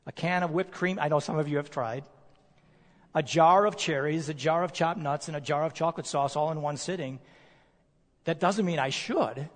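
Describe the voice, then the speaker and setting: High-voiced man preaching in a reverberant hall. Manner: emphatic, rhetorical questions, slows for stress. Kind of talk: sermon. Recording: long reverb of a large hall.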